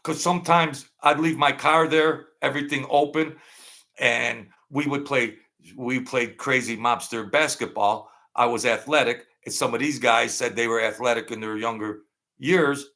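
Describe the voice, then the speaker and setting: Gravelly, bright male storyteller, blunt and streetwise, rambles and repeats. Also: medium pitch, moderate pace. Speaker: storyteller recounting mob-era experiences.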